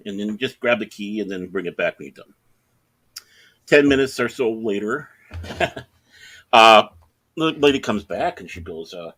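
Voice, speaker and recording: Man, middle-aged, casual storytelling, lively pitch, bright tone. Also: measured pace, long pauses. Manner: animated, acts out other people's lines in raised voices. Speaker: podcast co-host.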